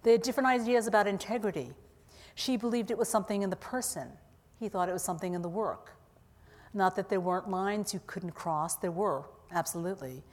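A woman author reading from her novel to an audience at a university in a calm, deliberate way. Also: mid-range voice, big-room sound. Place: university auditorium.

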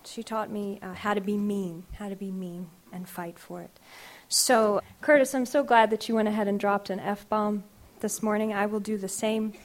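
A woman poet, reading her poems aloud live in a wry, unhurried way. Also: medium pitch, fairly even intonation. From Kentucky. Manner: wry, unhurried, drawn-out vowels in the verse.

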